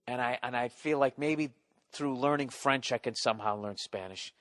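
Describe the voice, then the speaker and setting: A man's voice: mid-range voice, moderate pace, fairly bright tone, no echo, clean studio sound. A man hosting a podcast, telling a story in a casual, rambling, profane way, with a Boston accent and a self-mocking edge. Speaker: podcast host.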